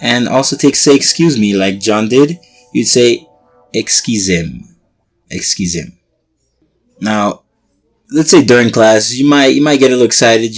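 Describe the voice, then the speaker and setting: A man teaching everyday classroom phrases in a relaxed, patient way, as a language lesson host. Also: fairly low pitch. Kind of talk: explaining vocabulary for a language lesson.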